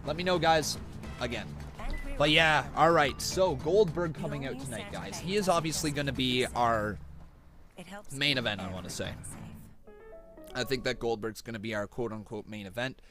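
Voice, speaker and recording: A young man from Canada runs a live reaction stream in a relaxed, chatty way, with a voice that sits in the middle of the range. He addresses viewers directly and now and then bursts into loud, excited shouting. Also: medium pitch, normal speed, long pauses, music in the background.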